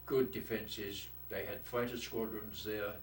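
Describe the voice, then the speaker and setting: Unhurried and steady, his lowish voice carries the blunt, salty war stories of a Londoner in his eighties being interviewed for an oral history. The mic is far off in a reverberant room, and a faint hiss runs beneath.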